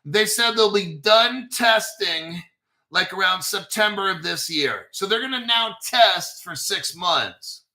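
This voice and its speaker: A male show host talks in casual commentary, cursing freely and answering his own asides. His voice sits high and sounds very bright. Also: lively intonation, slow. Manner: profane, talks back to himself.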